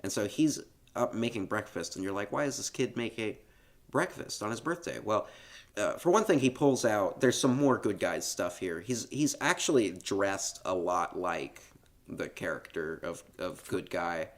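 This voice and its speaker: A man co-hosting a podcast, retelling a film scene by scene in a relaxed, laughing, casual way. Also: low-pitched, measured pace. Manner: relaxed storytelling, laughs often, swears casually. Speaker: podcast co-host. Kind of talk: casual film recap chat.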